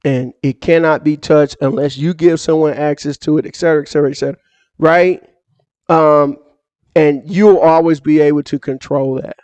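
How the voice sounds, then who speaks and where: A man ranting casually to camera about money, emphatic and slangy, with quick bursts and asides. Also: fairly high pitch, a little mellow, no echo, lo-fi sound. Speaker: finance YouTuber. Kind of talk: casual direct-to-camera rant.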